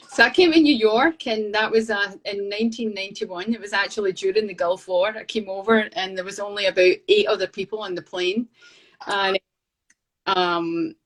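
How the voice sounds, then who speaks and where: A woman in her fifties with a softened Scottish accent, a guest artist telling her story in a chatty, laughing way over a video call from her studio. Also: mid-range voice, fairly even intonation, normal speed. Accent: Scottish, slightly softened. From Scotland. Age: 50s. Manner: chatty, laughs between anecdotes. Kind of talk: casual storytelling chat. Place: home art studio.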